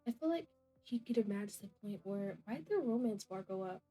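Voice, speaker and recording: A woman's voice: medium pitch, expressive, fairly quick, warm tone, soft background music. A woman chatting casually over a life-simulation game, guessing what the characters think and scolding them. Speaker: gameplay narrator. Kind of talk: casual gameplay commentary.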